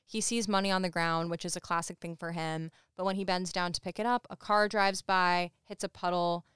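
A woman with a slightly low, very clear voice recaps a movie on a podcast. She chats casually, laughs often and acts out quoted lines. The sound is close and dry. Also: fairly even intonation, a little fast, a bit bright, no room sound. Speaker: podcast co-host.

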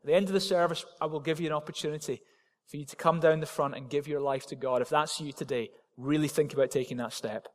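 A pastor preaching a sermon in church, with emphatic, repetitive declarations. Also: male voice, fairly high pitch, fairly even intonation, fast, in a large hall. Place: church hall.

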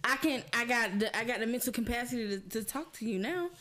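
Blunt, animated woman chatting. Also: a little high, fast talker. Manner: blunt, profane, animated storytelling. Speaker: co-host. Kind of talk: casual chat.

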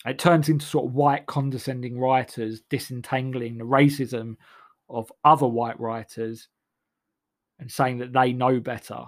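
A man's voice: medium pitch, fairly even intonation, unhurried. Sardonic rambling man. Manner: sardonic, rambling, many restarts. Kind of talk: comic monologue.

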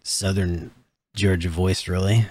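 Male podcast co-host, low voice, halting and hedging, dry close sound. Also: little pitch movement, darkish tone, husky, no room sound. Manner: halting, restarts and hedges while explaining. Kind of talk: casual chat.

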